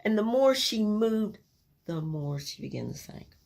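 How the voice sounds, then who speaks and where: A woman earnestly retelling a childhood family story in an animated, personal way. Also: medium pitch, measured pace, creaky.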